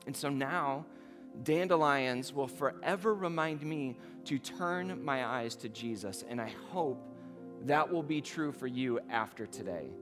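A man's voice: medium pitch, animated, a little slow, music in the background. A male pastor preaching a sermon in a conversational storytelling way that rises to fervent emphasis.

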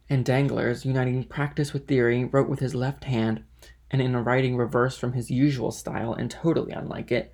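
Male reader, classic novel audiobook, steady and plain. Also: medium pitch, fairly quick, creaky. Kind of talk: audiobook narration.

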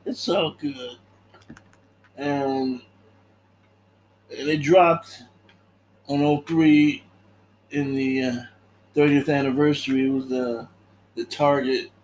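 A man's voice: mid-range voice, level tone, slow, pauses often, a little mellow, slight background noise. A man casually recapping a movie in a laid-back way, laughing often and acting out lines.

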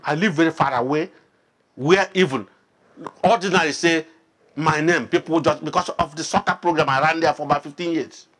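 A man's voice: a little high, fairly quick, fairly bright tone. A pastor from Nigeria, teaching an interactive sermon and quizzing his congregation with frequent questions. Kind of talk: interactive sermon, Bible study.

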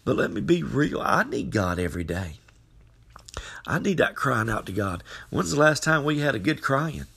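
A podcast preacher speaks into his phone microphone, giving an earnest, folksy devotional sermon, repeating phrases and exclaiming hallelujah. His medium-pitched voice swings widely in pitch at a moderate pace, with vocal fry and a bit of brightness. The sound is slightly rough.

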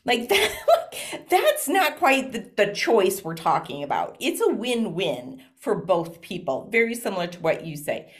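A woman guest talking casually in an interview, animated and laughing often, with frequent fillers. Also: mid-range voice, moderate pace, few pauses. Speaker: guest, speaker and parent.

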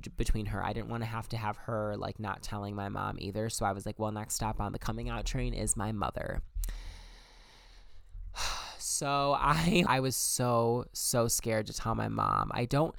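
Candid young man, smooth dry voice. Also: on the low side, moderate pace, fairly bright tone, no echo. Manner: candid, swears freely, acts out his own past thoughts. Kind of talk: casual personal storytelling.

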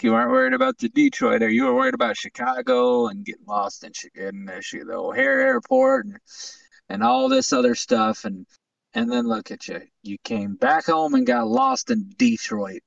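A man's voice: extremely high pitch, huge pitch swings, normal speed, gravelly, a bit bright, no echo, distant mic. A man chatting casually as co-host, teasing with short remarks. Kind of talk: casual chat. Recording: dry lo-fi sound from off the mic.

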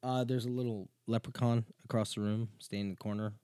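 A man's voice: lowish voice, fairly even intonation, a little fast, warm tone, no echo, studio quality. A man hosting his own podcast, bantering playfully and mocking himself with his wife as a guest. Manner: playful, self-mocking, jumps into bits. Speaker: podcast host and creator. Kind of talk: casual comedic podcast banter.

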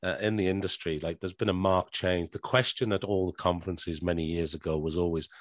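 A man's voice: low voice, little pitch movement, brisk, few pauses, no echo, clean studio sound. A man hosting a podcast interview, encouraging and a bit hesitant, often repeating words as he asks questions. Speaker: podcast host.

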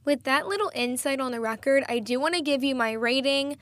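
A woman's voice: sits high, a little fast, fairly bright tone, slight background noise. A young woman hosting a solo podcast, chatting enthusiastically and laughing at herself now and then. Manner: chatty, enthusiastic, self-deprecating, laughs often. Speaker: podcast host.

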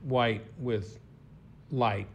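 A man's voice: medium pitch, fairly even intonation, very slow, breathy edge. A man co-hosting a casual chat, joking and playful. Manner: joking, playful, laughs easily.

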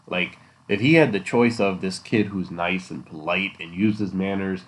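A man with a fairly low voice hosts a solo podcast from home, talking loosely and answering listener questions. He rambles and jokes, teasing his listeners in a casual, unscripted way. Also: unhurried. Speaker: podcast host.

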